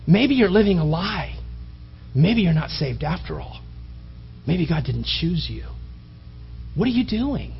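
Animated, husky-voiced man preaching. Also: sits high, highs cut off. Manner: animated, mocking, preachy, rising to emphatic exhortation. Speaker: pastor. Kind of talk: sermon.

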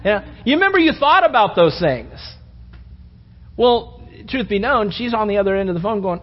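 A middle-aged man preaching a humorous sermon, acting out little scenes in quieter voices. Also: high-pitched, big pitch swings, fairly quick, breathy edge. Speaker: pastor. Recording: dull sound with long reverb in a hall.

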